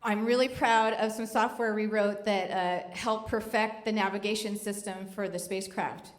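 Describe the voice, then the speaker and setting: A middle-aged woman tells a true story on stage before a live audience, wry, conversational and joking. Her voice is mid-range with a steady tone and moderate pace, and the live hall gives it an echo.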